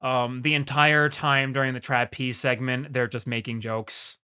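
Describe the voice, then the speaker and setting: Bright-voiced laughing male podcaster. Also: mid-range voice, little pitch movement, measured pace, clear, resonant tone. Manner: loose and profane, laughs often. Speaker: podcast co-host. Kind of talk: casual chat recapping an episode.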